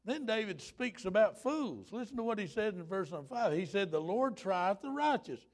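A man in his fifties preaching a fervent, folksy revival sermon, rising at times to shouts. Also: high-pitched, lively intonation, normal speed.

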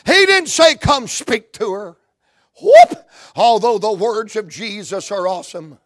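A man preaching a sermon, fervent and rhythmic, rising into shouts and chanted runs of phrases. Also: sits high, lively intonation, measured pace.

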